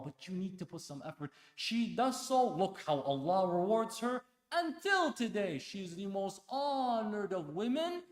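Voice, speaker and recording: A man preaching a sermon at an Islamic center, impassioned, dropping to a hush and then rising loud, firing rhetorical questions at the congregation. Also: on the high side. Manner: impassioned, swings between hushed and loud; asks the audience pointed rhetorical questions. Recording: echoey hall.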